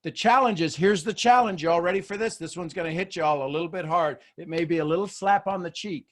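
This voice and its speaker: A man's voice: high-pitched, fairly quick. Joking motivational man on a call. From Texas, USA. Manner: joking, animated, preacher-like. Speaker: host of a leadership call. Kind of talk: motivational talk on a group call. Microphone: video call.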